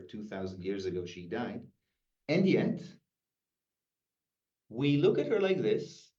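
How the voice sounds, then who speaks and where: A man teaching a workshop, calling on participants by name and asking them questions, in a room recorded from a distance. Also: mid-range voice. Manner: lively, questioning the group by name. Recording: roomy, distant, dull sound.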